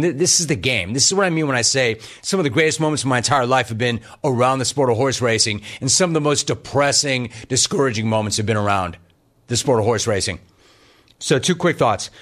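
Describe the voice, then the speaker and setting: A middle-aged man hosting a talk show, ranting emphatically in an animated monologue. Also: medium pitch, brisk. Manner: emphatic, riffs and rants, acts out quotes. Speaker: radio talk show host.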